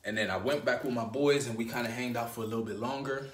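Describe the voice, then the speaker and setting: A man's voice: mid-range voice, fairly even intonation, fast, far from the mic, slight background noise. A man telling a personal story in a casual, rambling way, often checking in with "right?" and "you know what I mean". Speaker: dating advice host. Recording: roomy echo.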